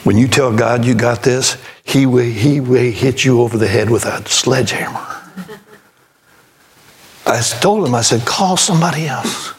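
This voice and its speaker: A man's voice: mid-range voice, normal speed. An older man preaching a sermon as pastor, telling a story in a folksy way and acting out both sides of the conversation, then rising to emphatic preaching.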